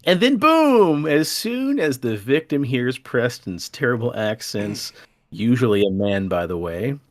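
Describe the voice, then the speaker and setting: A male podcast host who tells folk tales with playful drama. His voice swoops up and down with lively inflection, and he leans into the spooky parts of the story. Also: medium pitch, a little slow.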